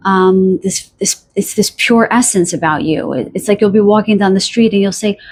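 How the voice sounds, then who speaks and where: A woman giving a pick-a-card tarot reading, talking softly and dreamily to the listener, with many fillers, pauses and restarts. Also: medium pitch. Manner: addresses the listener directly. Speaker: tarot reader.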